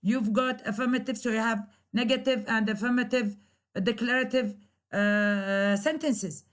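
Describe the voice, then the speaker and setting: A woman lecturer whose first language is Arabic, explaining English grammar slowly, with many hesitations and repeated key phrases. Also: on the high side. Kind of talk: recorded lecture.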